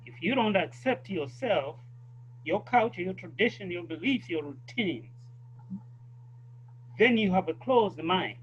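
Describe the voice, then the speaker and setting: High-voiced South African man, lo-fi. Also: very animated, a little slow, pauses often, slight background noise. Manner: thoughtful, emphatic. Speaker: guest. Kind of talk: casual conversation.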